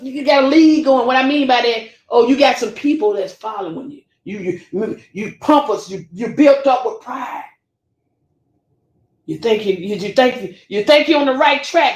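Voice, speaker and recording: A woman's voice: high voice, roomy sound. A woman talking straight to her camera viewers, scolding and preaching, calling them baby and family. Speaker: YouTube commentator. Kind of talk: direct-to-camera rant.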